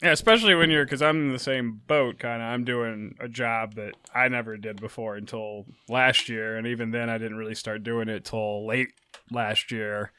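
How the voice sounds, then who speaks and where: A man's voice: mid-range voice, fairly even intonation, moderate pace, pushed and bright, a little hiss or hum. A man co-hosting a casual movie podcast, blunt and self-deprecating, laughing often. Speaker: podcast co-host.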